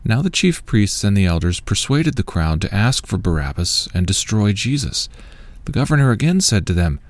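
A man reading a long scripture passage aloud in a measured, solemn way. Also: lowish voice, very animated, no echo. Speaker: scripture reader.

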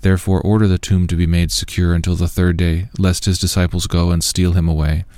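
A man reading a long scripture passage aloud in a measured, solemn way. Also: deep voice, level tone, mellow, no room sound. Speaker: scripture reader.

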